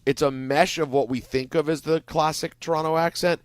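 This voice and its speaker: A man's voice: on the high side, steady tone, fairly quick, clear, resonant tone, dry recording. A man co-hosting a sports radio show, playful and joking, talking casually with his co-hosts. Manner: jokey, playful, repeats bits. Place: radio studio.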